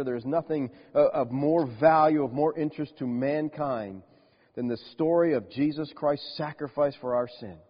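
Male pastor, husky, fairly high voice, emphatic sermon delivery, muffled hall recording. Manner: emphatic preaching, slowing and dropping soft on key words. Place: church sanctuary. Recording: dull lo-fi church recording with long reverb.

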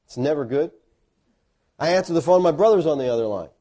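A middle-aged man preaching a sermon, telling stories with folksy asides and self-deprecating humor. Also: fast. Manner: animated storytelling with sudden loud, high bursts.

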